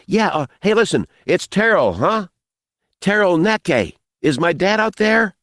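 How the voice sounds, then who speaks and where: A jumpy teenage boy, played by a man, calls out high and anxious, his voice pushed well above the narrator's. The sound is dry and close, read for a storybook. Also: big pitch swings, unhurried, fairly bright tone, no echo, heavily acted.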